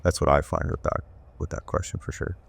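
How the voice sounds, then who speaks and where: A man's voice: extremely low pitch, level tone, fairly quick, vocal fry, no echo. A man working as a plumber and fishing guide, talking in an easygoing, rambling way on a podcast. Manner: easygoing, talks in long loose runs. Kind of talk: casual podcast conversation.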